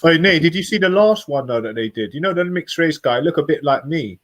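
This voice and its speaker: A man, chatting casually and speculating out loud. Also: fairly high pitch, expressive, brisk. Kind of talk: casual chat.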